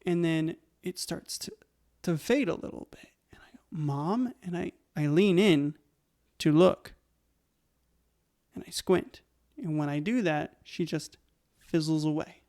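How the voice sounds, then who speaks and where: A young adult man telling his own stories in a casual, animated way as a channel host. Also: on the high side, unhurried, long pauses. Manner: animated, conversational, laughs between lines. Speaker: YouTube host. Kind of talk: casual storytelling to camera.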